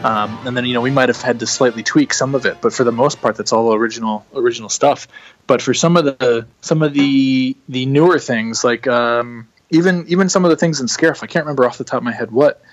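A man guesting on a podcast as a game producer, relaxed and agreeable, chatting over a remote call. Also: mid-range voice, no room sound, lo-fi sound, faint music behind. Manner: relaxed, agreeable, quick to laugh. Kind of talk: casual interview chat.

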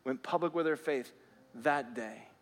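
A pastor with a medium-pitched, unhurried voice delivers a sermon in a church sanctuary. He tells a story, repeats phrases, and builds toward earnest urging of his listeners.

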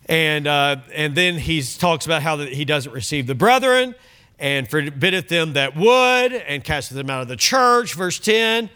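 A man's voice: fairly high pitch, expressive, unhurried, bright, forceful tone, smooth. A man pastor preaching a sermon, emphatic and fond of repeating key phrases.

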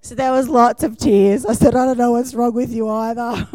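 A woman's voice: fairly high pitch, fairly even intonation, normal speed, few pauses, no echo. A woman in her forties preaching a sermon in a conversational style, checking in with the listeners as she talks. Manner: warm, conversational preaching with frequent "yeah?" check-ins and laughs.

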